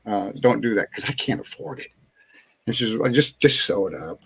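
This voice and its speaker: A man's voice: lowish voice, lively intonation, a little fast, creaky, breathy edge. A man hosting a casual live chat show, telling a long rambling anecdote, chuckling and acting out what people said. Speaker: host.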